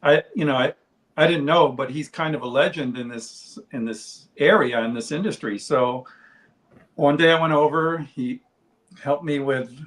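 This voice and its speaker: A man co-hosting a casual livestream, telling a story in a relaxed way. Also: fairly high pitch, normal speed. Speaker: co-host.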